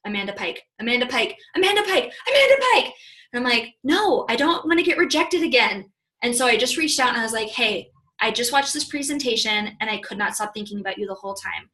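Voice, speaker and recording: A woman in her early thirties telling a personal story on a panel, chatty and animated, acting out her own past thoughts. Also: on the high side, rough recording. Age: 30s.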